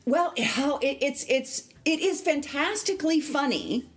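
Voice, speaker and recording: A woman theatre director on a podcast, explaining a play in an expressive, measured way. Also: high voice. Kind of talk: casual podcast chat.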